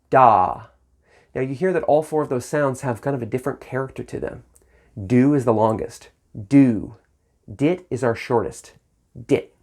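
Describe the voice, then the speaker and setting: A man's voice: mid-range voice, darkish tone. A man teaching a saxophone lesson on video, patient and encouraging, speaking syllables aloud in rhythm to demonstrate.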